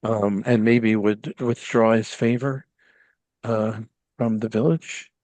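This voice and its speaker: A man's voice: lowish voice, steady tone, takes it slowly, darkish tone, dry recording. A man voicing an odd, naive and devout woman in a tabletop game, talking earnestly and rambling with many ums. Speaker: player.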